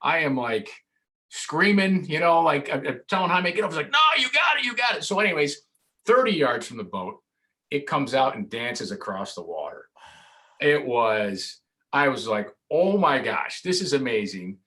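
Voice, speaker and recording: Bright-voiced man telling animated stories. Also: mid-range voice, a little slow. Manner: lively, acts out voices in anecdotes. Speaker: podcast guest, sports broadcaster. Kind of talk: animated storytelling in casual chat. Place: home studio.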